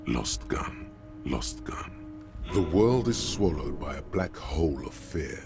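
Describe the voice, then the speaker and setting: A detective's inner voice narrating a game, as an actor voices it: extremely deep and drawn out, with a slow, ominous, taunting delivery. Faint music plays underneath. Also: male voice, gravelly, full character voice. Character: the male inner voice of a detective's mind.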